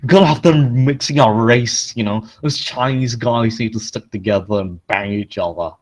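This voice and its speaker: A man's voice: mid-range voice, normal speed, a little mellow, lightly acted. A man putting on the voice of a brash young white American frat boy, with an exaggerated, mocking put-on Southern drawl, during podcast banter.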